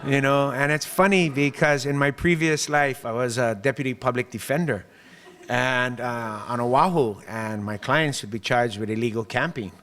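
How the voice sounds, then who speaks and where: A man's voice: medium pitch, moderate pace, slight background noise. Guy giving a speech as mayor, storyteller vibe, lots of hall echo. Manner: animated storytelling, acts out quoted voices with laughs. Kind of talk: public speech to a business group. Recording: long hall reverb.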